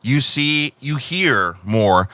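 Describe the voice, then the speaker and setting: A man narrating as game master, casual and profane, often restarting his sentences. His voice is bright and forward, recorded dry and close. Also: medium pitch, lively intonation, extremely slow, no room sound.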